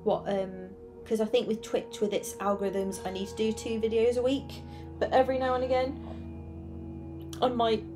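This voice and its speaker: Slow-talking tired woman streamer. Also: mid-range voice. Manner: rambling, self-correcting, chatty. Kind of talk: casual chat while drawing. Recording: music playing clearly behind.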